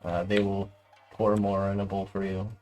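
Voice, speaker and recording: A man's voice: low-pitched, monotone, normal speed, darkish tone, faint music behind. A man running an online tabletop game as game master, chuckling in a playful, easygoing way.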